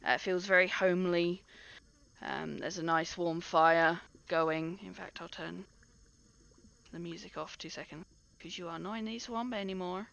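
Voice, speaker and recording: A woman narrating a tabletop game as game master, describing scenes in a relaxed way with many fillers. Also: fairly low pitch, normal speed, creaky. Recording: muffled dry recording.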